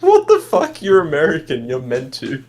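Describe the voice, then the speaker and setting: A man's voice: fairly high pitch, wildly swooping pitch, normal speed, a little mellow, a little hiss or hum. A man in casual chat on a stream, joking, swearing and laughing often.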